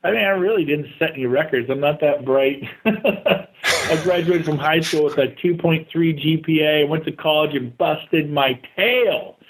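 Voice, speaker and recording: Lively self-deprecating man telling stories. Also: on the high side, measured pace, husky, rough recording. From California. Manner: animated storyteller, acts out quoted dialogue, self-deprecating. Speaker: real estate agent guest. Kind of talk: casual storytelling interview.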